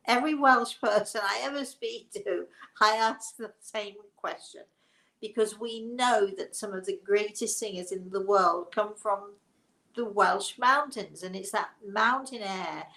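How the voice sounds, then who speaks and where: A woman's voice: mid-range voice, pushed and bright, low-quality recording. A woman hosting a live stream as a psychic medium, chatting casually and rambling with frequent laughs and restarts. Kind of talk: casual live webinar chat.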